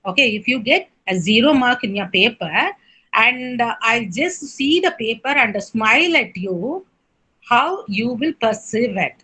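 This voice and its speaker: A woman's voice: a little high, animated, a little slow, bright, forceful tone, breathy edge, rough recording. A woman with an Indian English accent giving a lecture, explaining step by step with many fillers and questions to the class. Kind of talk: online lecture.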